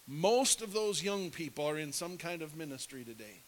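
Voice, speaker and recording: A man's voice: a little high, very animated, normal speed, poor audio. A middle-aged man preaching, telling a story with animation and dropping to a whisper to act out scenes. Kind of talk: sermon storytelling. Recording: faint hiss.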